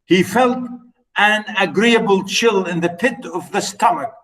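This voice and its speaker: A man lecturing on a short story: he reads a passage aloud, then explains it in his own words with many "you know"s, and now and then acts out the characters' lines in loud, high bursts. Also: a little slow, low-quality recording. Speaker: literature lecturer.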